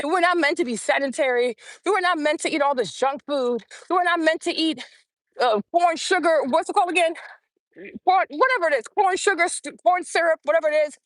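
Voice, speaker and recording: A woman in her forties ranting on a casual live stream, blunt and animated, repeating phrases for emphasis. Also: sits high, dry recording. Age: 40s.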